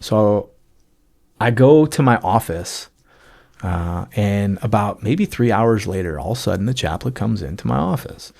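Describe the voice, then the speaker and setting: An American podcast guest shares his personal testimony emotionally, full of fillers and acted-out bits of dialogue. His lowish voice is gravelly and a little mellow, with lively intonation and a measured pace.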